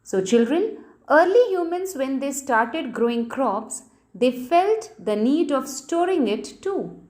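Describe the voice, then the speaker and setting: A woman teacher with a high voice reads and explains a textbook lesson to young children, her sing-song intonation rising and falling lively. She goes slowly, pausing to spell key words letter by letter, and her tone is a little mellow.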